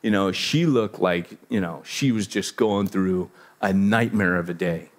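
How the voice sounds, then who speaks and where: A man in his forties, a pastor telling a personal story in a sermon, conversational and self-deprecating, acting out the voices in his story. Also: unhurried. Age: 40s. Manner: animated, acts out quotes with big pitch jumps.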